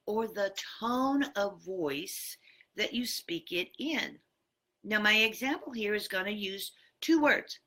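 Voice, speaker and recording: Bright-voiced woman, slow and emphatic. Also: medium pitch. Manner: emphatic, varies tone for effect. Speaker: motivational speaker. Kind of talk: motivational talk.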